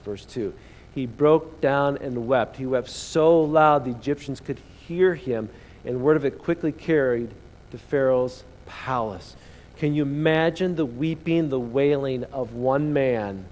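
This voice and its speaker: A man's voice: mid-range voice, darkish tone. A man preaching a sermon as a pastor, telling the story dramatically and calling out to his congregation. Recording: long hall reverb.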